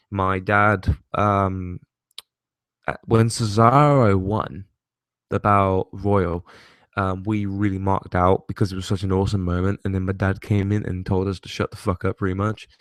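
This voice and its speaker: A young male host rambles his way through a laid-back chat show, cursing freely and bursting into laughter. His fairly low voice has a clear, resonant tone, and the recording is dry, with no room echo.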